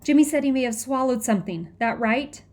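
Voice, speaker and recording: A woman voicing a big gray-haired male doctor who talks calmly and steadily. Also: high-pitched, a little fast, pitched above the performer's own voice.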